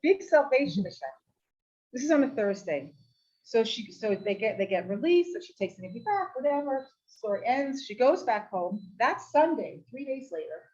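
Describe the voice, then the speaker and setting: A woman giving a live Torah talk, telling a story with lively delivery. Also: on the high side, moderate pace. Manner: animated storytelling, rises to shouting for quoted outbursts. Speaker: teacher giving a weekly talk. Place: women's study hall in a community center. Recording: dull lo-fi live recording.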